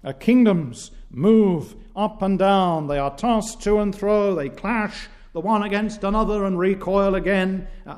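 A man preaching a sermon in a measured, declamatory way, with frequent "uh" pauses between phrases. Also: high voice, darkish tone.

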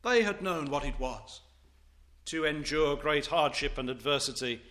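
Guy preaching a sermon, bright ringing voice, fairly high, lots of rhetorical questions, old-timey wording. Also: expressive, a little slow. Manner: expository, rhetorical questions, old-fashioned phrasing.

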